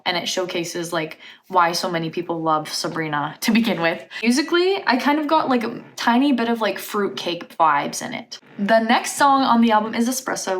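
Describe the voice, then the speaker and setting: A woman reviewing an album for her vlog in casual chat, gushing and dropping "like" into almost every sentence. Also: mid-range voice. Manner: gushing, filler-heavy talk with lots of "like". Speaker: music reaction vlogger.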